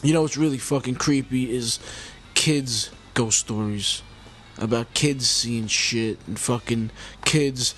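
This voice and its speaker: With a little hiss or hum on the recording, a man in his forties talks through his own podcast in a mid-range voice. His casual monologue is rambling, heated and full of swearing, spoken at home into a mic fitted with a homemade pop filter.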